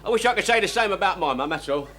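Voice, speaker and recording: An actor playing a cheeky, exasperated working-class bus driver, in a 1970s TV sitcom with audience laughter. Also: male voice, sits high, lively intonation, rapid-fire. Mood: grumbling. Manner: wheedling, exasperated, stammering.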